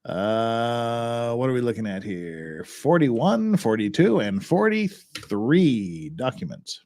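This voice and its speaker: A man's voice: medium pitch, takes it slowly. Guy hosting a livestream, chatty, voice bounces up and down a lot. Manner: chatty, animated, thinks aloud. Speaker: livestream host. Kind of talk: casual livestream commentary.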